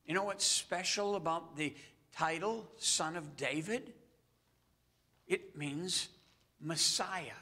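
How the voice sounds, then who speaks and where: Bright, high-voiced male pastor preaching. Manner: earnest storytelling, dramatic pauses. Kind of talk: sermon.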